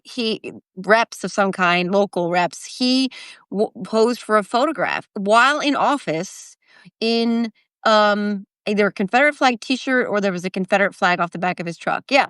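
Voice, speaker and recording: A woman's voice: medium pitch, a bit bright, no room sound, studio quality. A woman in her fifties from New Jersey, hosting a live video in a chatty, rambling, self-mocking way. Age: 50s. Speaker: live-stream host. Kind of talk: casual chat.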